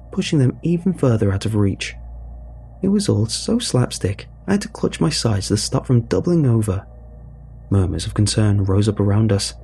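A man narrating a first-person story in a measured, dry way. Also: lowish voice, gravelly, mellow, a little hiss or hum.

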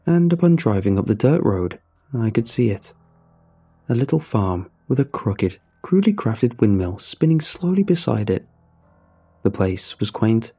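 A man tells a first-person tale in a dramatic, wry way, his low voice gravelly and husky. His delivery swings widely in pitch, and quiet music plays underneath. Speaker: narrator. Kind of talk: first-person horror story narration. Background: soft music.

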